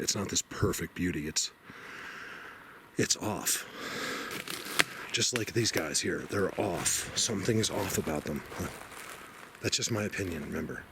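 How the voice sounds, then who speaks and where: A man walking through a forest and talking to his camera, rambling and excitable with lots of fillers, a bit out of breath. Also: low voice, a little slow, gravelly, long pauses. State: slightly out of breath. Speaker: outdoor video blogger. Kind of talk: casual walking commentary. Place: outdoors in a forest. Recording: noisy outdoor field recording.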